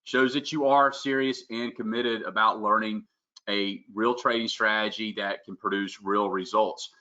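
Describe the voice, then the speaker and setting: A man's voice: lowish voice, steady tone, unhurried, pushed and bright. Upbeat man presenting over a web call. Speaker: guest presenter. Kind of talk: webinar presentation. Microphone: video call. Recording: muffled lo-fi web call audio.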